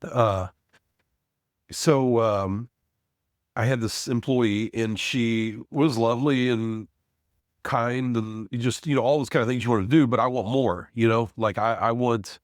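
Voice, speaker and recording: A man in his forties tells a story at a medium pitch, circling back with fillers and false starts. His voice sounds dry and close, with no room behind it. He talks like a business owner chatting on a podcast. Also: fairly even intonation, a little slow, no echo. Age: 40s. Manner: rambling, frequent restarts and fillers. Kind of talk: casual storytelling.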